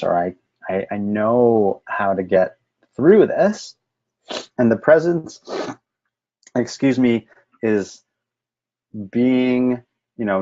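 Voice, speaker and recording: A man presenting a webinar in a gentle, conversational way, with frequent ums and restarts. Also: on the low side. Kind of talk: informal teaching talk. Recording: dull lo-fi webinar audio.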